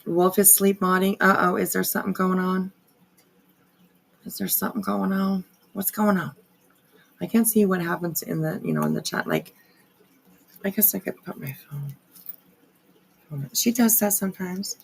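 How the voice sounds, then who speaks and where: A woman's voice: fairly low pitch, expressive, normal speed, gravelly, long pauses, slightly rough. A woman hosting a casual live stream, rambling with lots of fillers and frequent swearing. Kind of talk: casual livestream commentary.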